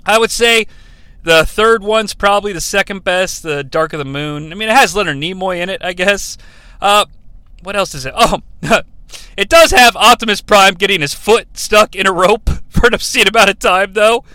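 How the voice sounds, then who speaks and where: A man's voice: high voice, moderate pace, pushed and bright, clean tone, no room sound. A man hosting a countdown show in casual commentary, enthusiastic and rambling into asides, often laughing as he talks.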